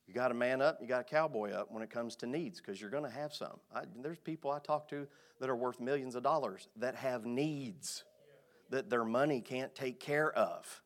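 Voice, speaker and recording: A male pastor delivering a sermon, speaking emphatically and swinging from quiet asides to loud, stressed phrases. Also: medium pitch, normal speed.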